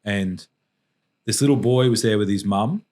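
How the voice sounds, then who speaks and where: Low-voiced Australian man, halting storyteller. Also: a little mellow. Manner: halting and reflective, frequent restarts. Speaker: podcast guest. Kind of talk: emotional personal storytelling.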